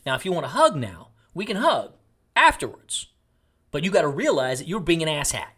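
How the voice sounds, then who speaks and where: A man's voice: fairly high pitch, big pitch swings, brisk, pushed and bright, slightly rough. A middle-aged man from Texas, a podcast host giving a blunt, jokey motivational monologue.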